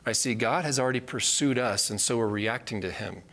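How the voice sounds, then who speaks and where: A man's voice: mid-range voice, brisk, a bit bright. A man teaching a live Bible study, earnest and repeating key phrases for emphasis.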